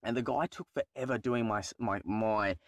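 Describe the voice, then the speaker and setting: A man's voice: medium pitch, moderate pace, no echo. A young Australian man telling a story about his driving test in a rambling, profane, self-mocking way. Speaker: YouTuber telling a personal story. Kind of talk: casual storytelling vlog.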